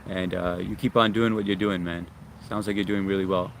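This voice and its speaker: A man from Long Island, hosting a casual livestream outdoors in the sun, reading viewer comments and greeting them by name in a relaxed, friendly way. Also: low voice, fairly quick, vocal fry, slight background noise. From Long Island, New York. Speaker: livestream host.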